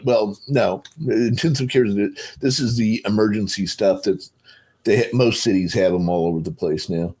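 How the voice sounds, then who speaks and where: A middle-aged man with a fairly low voice tells a long story in a loose, rambling way, full of fillers and restarts. He acts out the other people in the story with sudden jumps in voice, then drops back to his plain speech. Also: normal speed, a little mellow, husky. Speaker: panelist. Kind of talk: casual storytelling on a video call panel.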